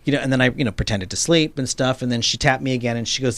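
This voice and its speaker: A male comedian chatting casually. He tells stories in an animated way, acting out the voices of the people in them, and his pitch sits in the middle range. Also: quick pace, no room sound. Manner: animated storyteller, acts out quoted voices. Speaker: comedian guest. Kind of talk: casual chat.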